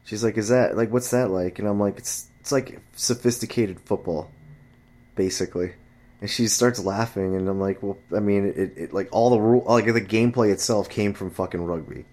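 A man with a darkish voice speaks at a moderate pace, griping casually about dating and the people he hangs out with. He swears frequently, and his frustrated storytelling includes high-pitched mimicry of talkative friends and women.

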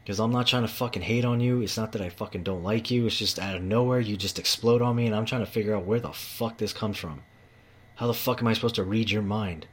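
A man with a fairly low voice rants about work. He swears constantly and circles back over the same words. He sounds heated and worked up. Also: steady tone, quick pace. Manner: profane, heated, repetitive. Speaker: manual tradesman. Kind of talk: ranting monologue.

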